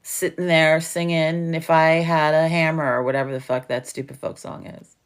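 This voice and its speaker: A woman's voice: low voice, flat delivery, normal speed, clean tone. A woman from New York with a New York accent, hosting a casual livestream chat and telling a story full of swearing and laughter. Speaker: livestream host.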